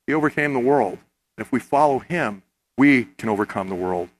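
A man's voice: mid-range voice, lively intonation, normal speed. A man preaching a sermon, earnest and rising to impassioned emphasis as he addresses his listeners. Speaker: pastor.

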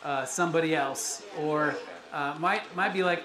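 A man's voice: a little high, unhurried, a crowd in the background. A man in his forties from the United States, a pastor giving a chatty, personal, self-deprecating sermon in a church sanctuary. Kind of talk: conversational sermon. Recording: echoey room with background noise.

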